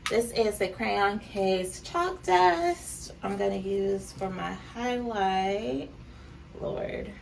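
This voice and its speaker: A woman's voice: medium pitch, animated, very slow, creaky. A woman in her thirties from California, chatting candidly while doing her makeup and calling her viewers "child", "baby" and "honey". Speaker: vlogger and clothing brand owner. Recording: slightly distant mic with faint background noise.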